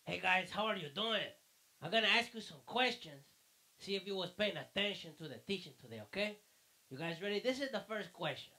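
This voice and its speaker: Fatherly man teaching and quizzing kids, high bright voice with gravel. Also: animated, fairly quick. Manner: fatherly, calls the listener mijo. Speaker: children's church teacher. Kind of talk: children's lesson and quiz. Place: church.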